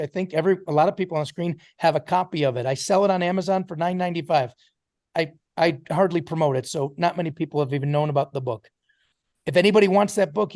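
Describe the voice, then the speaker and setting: A man's voice: a little high, a little mellow, no room sound, clean studio sound. A man giving an emphatic motivational talk to a sales team on a video call, calling on listeners by name.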